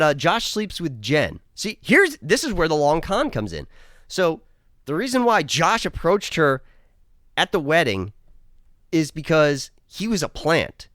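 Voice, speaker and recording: A man's voice: fairly high pitch, a bit bright, dry recording, clean studio sound. A man reviewing a TV episode in a casual, profane, exasperated rant. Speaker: show reviewer.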